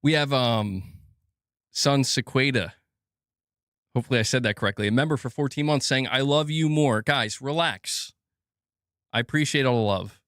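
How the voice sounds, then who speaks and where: A man's voice: mid-range voice, normal speed, long pauses, a bit bright, dry recording, clean studio sound. A man hosting a casual gaming news livestream, reading donations aloud and joking and laughing with his chat.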